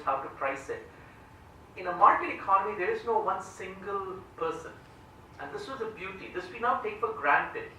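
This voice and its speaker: A man from India with a high, sharp voice gives a public lecture on economics, walking through it step by step and frequently asking "right?". He stands before an audience in a large lecture hall, recorded from far off with heavy echo and slight background noise.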